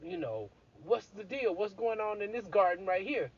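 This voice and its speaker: A man quoting a pushy, curious talking serpent in a crude, excited way. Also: high-pitched, normal speed, slightly rough, lo-fi sound, voice pushed up, full character voice.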